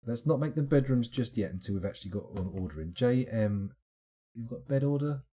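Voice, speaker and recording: Chatty man, lively husky low voice. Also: brisk. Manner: chatty, self-mocking, thinking aloud. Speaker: streamer. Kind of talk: live gameplay commentary.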